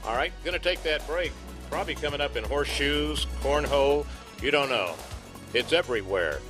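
A man's voice: fairly high pitch, animated, normal speed, over music. A man hosting a sports talk radio show, chatting loosely with plenty of fillers and restarts.

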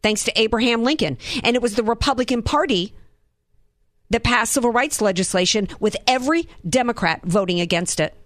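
A woman's voice: fairly high pitch, animated, fairly quick, no room sound, studio quality. Indignant woman political commentator. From Southern United States. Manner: indignant, fires off rhetorical questions.

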